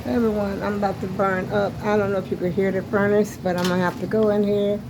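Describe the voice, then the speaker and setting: A woman's voice: medium pitch, little pitch movement, quick pace, background noise. An older woman vlogging from her home kitchen, chatting in a meandering way straight to her viewers and sounding a little out of breath. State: slightly out of breath. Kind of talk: casual rambling vlog chat.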